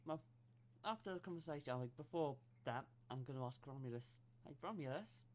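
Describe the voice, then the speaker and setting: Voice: medium pitch, fairly quick, a little mellow. A tabletop game player speaking in character in an eager, chatty way. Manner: eager, chatty, laughs easily. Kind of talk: casual in-character role-play.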